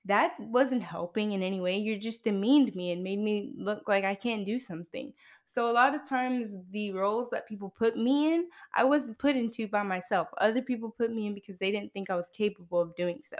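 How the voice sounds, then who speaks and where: A young woman hosting her own podcast, talking straight to the listener in a loose, unscripted way. She is frank and plain-spoken, and drops in wry, dry asides. Her voice sits in an ordinary middle pitch for a woman. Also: a little fast. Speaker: podcast host. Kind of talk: casual monologue.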